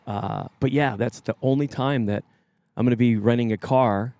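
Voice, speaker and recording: A man's voice: mid-range voice, normal speed, warm tone, no echo. A man who co-hosts a casual podcast, rambling and asking follow-up questions. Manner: chatty, asks follow-up questions, rambling with restarts. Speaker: podcast co-host, father. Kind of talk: casual chat.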